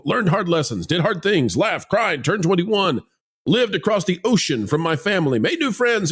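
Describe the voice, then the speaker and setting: A man's voice: a little high, slightly rough. A man hosting an entertainment commentary show, mocking and theatrical, reading news articles aloud with sarcastic asides. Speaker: host of entertainment commentary channel.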